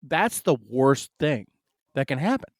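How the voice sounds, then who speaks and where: A man's voice: medium pitch, big pitch swings, measured pace, no echo. Brief: adult male co-host, loose rambling storyteller, mid-range voice, dry close recording. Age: adult, married. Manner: rambling and storytelling, full of "like" fillers. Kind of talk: casual chat.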